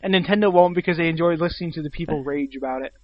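A man's voice: a little high, racing, dry recording, lo-fi sound. A young man co-hosting a podcast in a joking, self-deprecating casual chat. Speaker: podcast co-host.

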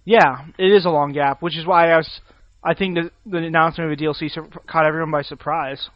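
High-voiced man in casual chat, lo-fi. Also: steady tone, quick pace, no room sound. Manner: laughing often, opinionated. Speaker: podcast co-host. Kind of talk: casual chat about video games.

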